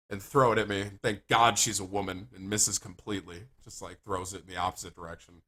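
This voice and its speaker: A young man telling a crude, comic story about his life, animated and prone to sudden loud outbursts. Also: lowish voice, brisk. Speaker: vlogger.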